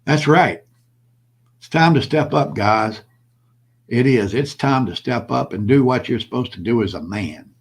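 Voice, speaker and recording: A prepper channel host, an older man, speaks a little slowly in a medium-pitched voice with lively intonation and a breathy edge. His impassioned solo vlog monologue is blunt and preachy toward his viewers, and he repeats his points.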